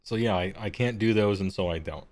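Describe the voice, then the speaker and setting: Deep-voiced guy gm just rambling casually, laughs at himself a lot. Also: a little fast, darkish tone. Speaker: game master. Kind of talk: casual chat before a live-streamed game.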